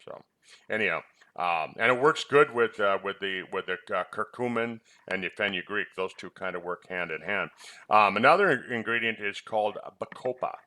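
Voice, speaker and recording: A man with a lowish, bright, forceful voice talks casually about supplements. He rambles and restarts, and he keeps quizzing and teasing his co-host. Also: expressive, moderate pace. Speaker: health products presenter, former clinician.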